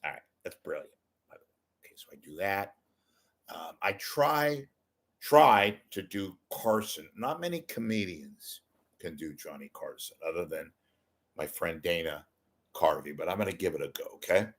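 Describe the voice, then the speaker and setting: A man's voice: low voice, animated, a little slow. A man hosting a casual monologue show, rambling and self-deprecating. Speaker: host.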